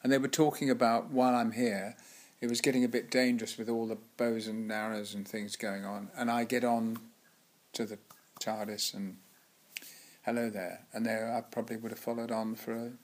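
A man's voice: medium pitch, level tone, brisk. An older man and former actor, telling chatty, laughing anecdotes in an interview with frequent restarts. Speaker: guest actor.

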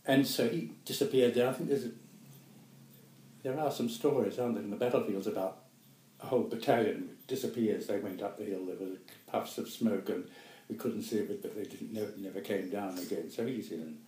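A man's voice: fairly low pitch, fairly quick, dark tone, echoey room, slight background noise, poor audio. Elderly New Zealand man, rambling. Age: 80s. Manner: rambling, chuckling, self-correcting. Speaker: guest actor. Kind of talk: reminiscing interview.

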